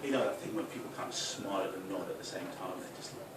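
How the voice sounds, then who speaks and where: A young man from the North East of England with a softened Geordie accent, doing a chatty stand-up routine. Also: low-pitched, fast talker. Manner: chatty, with tag questions; loud put-on voices for punchlines. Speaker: stand-up comic. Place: club function room. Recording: echoey room, distant, noisy.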